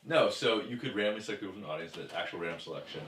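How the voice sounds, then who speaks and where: A young man co-hosts a casual podcast, teasing and joking with his friends. His voice sits a bit low but swings widely, with a bright edge. He sounds somewhat distant from the mic in an echoey room with faint background hiss. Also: animated, rapid-fire. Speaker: podcast co-host. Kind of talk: casual chat.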